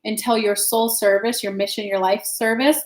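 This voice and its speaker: A woman's voice: mid-range voice, fairly even intonation, normal speed. A young adult woman from the United States hosting a casual live-stream tarot reading, chatty and loose, now and then swearing. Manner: chatty, reads comments aloud, swears casually. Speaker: tarot reader and channel host. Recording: echoey room.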